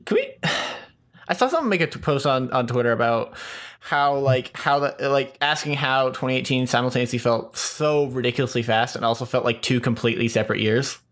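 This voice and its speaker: Young guy on a podcast, rambly and excitable, keeps restarting, average pitch. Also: fairly quick. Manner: rambling, excitable, repeats himself. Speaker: podcast co-host. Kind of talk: casual chat.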